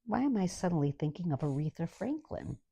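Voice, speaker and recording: A woman's voice: lowish voice, big pitch swings, a little fast, creaky, dark tone, slightly rough, no room sound, clean studio sound. An older woman telling an exasperated, sarcastic comic story in a monologue.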